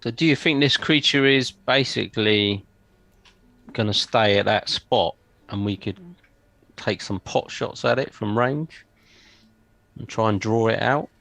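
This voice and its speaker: A man's voice: fairly low pitch, unhurried, vocal fry, pauses often, fairly bright tone, no room sound. A man playing a tabletop game, thinking aloud and asking tentative tactical questions. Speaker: player. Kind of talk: casual tabletop game chat.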